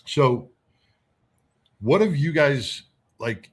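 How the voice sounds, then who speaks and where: A man hosting a casual panel chat, talking in a halting way with frequent restarts and stammers. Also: medium pitch, animated, breathy edge. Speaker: host.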